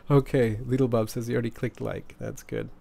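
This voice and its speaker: A man's voice: mid-range voice, creaky. A man in his forties, casually chatting with viewers as livestream co-host at home, rambling and reading chat aloud. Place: home, desert region.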